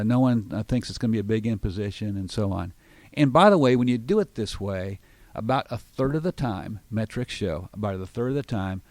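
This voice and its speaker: The male radio host here has a lowish voice and is recorded dry. A sales trainer by trade, he walks through sales tactics in a spirited, explanatory manner, acting out how sample phone calls might go.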